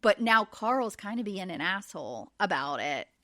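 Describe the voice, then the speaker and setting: A woman's voice: mid-range voice, normal speed, no room sound, clean studio sound. A woman in her forties, a podcast host, recapping in casual chat with lots of fillers. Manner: chatty, animated, many fillers.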